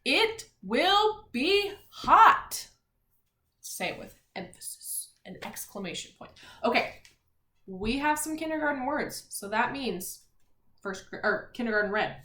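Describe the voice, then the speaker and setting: A woman teacher leading a reading and spelling lesson for young children, sounding out letters and words in a clear, encouraging way. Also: mid-range voice, lively intonation, normal speed, fairly bright tone, reverberant.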